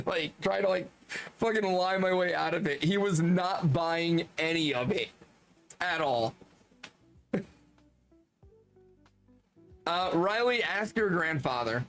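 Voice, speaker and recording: A man with a notably high speaking voice tells a rambling anecdote on a live stream, animated and quick to laugh, dropping swear words freely. Faint music plays underneath him. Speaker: streamer reading chat. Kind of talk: casual anecdote storytelling.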